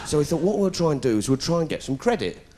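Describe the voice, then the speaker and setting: Animated British man doing stand-up. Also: fairly high pitch, fast talker, noisy background. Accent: British English. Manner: animated, sarcastic storytelling with put-on voices. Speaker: comedian. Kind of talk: stand-up comedy routine. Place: stage before a live audience.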